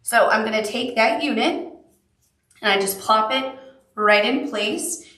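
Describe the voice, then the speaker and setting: A Southern-accented woman leads a live quilting tutorial, chatty and upbeat with cute little asides. Her fairly high voice is sharp and measured, recorded far from the mic in an echoey room.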